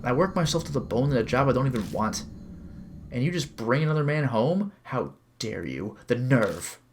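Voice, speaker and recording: A man's voice: medium pitch, lively intonation, normal speed, a little hiss or hum, lightly acted. Man voicing an exhausted, furious betrayed husband. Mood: despairing. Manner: bitter, swinging to shouted curses. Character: exhausted desperate man raging at cheating wife.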